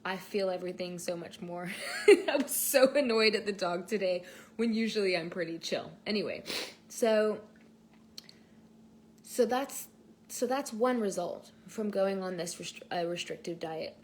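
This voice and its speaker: A young pregnant woman talks straight to her viewers in a casual online lesson, earnest and a little rambling. Her voice sits in an ordinary middle range. A soft hiss of room noise runs under the built-in mic. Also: medium pitch, unhurried. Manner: chatty and earnest, with frequent fillers and restarts. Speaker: online course teacher. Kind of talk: casual talk-to-camera lesson. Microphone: built-in mic, no headphones.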